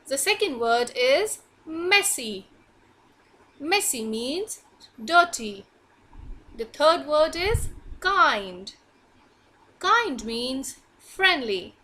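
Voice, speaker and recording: A woman teacher giving an online English class for young children, reading and explaining in a slow, clear, sing-song way. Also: high voice, sharp tone.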